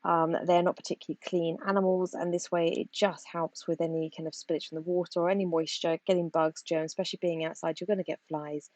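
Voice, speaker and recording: A woman's voice: fairly low pitch, level tone, fast talker, few pauses, a little mellow, no echo. A British woman vlogging in her back garden, chatting and rambling as she explains her chores, recorded on a phone she holds while working. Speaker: vlogger and backyard poultry keeper. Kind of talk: casual chatty vlog. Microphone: phone held while working.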